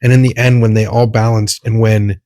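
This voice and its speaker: A man's voice: fairly low pitch, little pitch movement, moderate pace, dark tone, dry recording, studio quality. Rambling man in casual podcast chat. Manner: rambling, searches for words, trails off. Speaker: podcast co-host.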